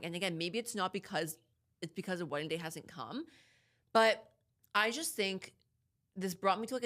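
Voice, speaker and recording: A young woman with a fairly low voice co-hosts a casual podcast. She talks candidly and at length, swears casually and pushes on when she is interrupted. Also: fairly bright tone. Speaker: podcast co-host. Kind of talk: casual chat.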